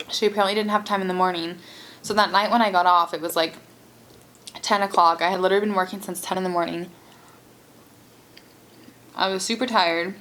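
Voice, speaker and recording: A young woman with a slightly low voice tells a story in a relaxed vlog. Her talk is chatty and full of "like"s, with an exasperated edge. A faint hum sits behind her. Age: young adult. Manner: chatty, heavy use of "like", exasperated. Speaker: vlogger. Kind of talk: casual storytime while eating.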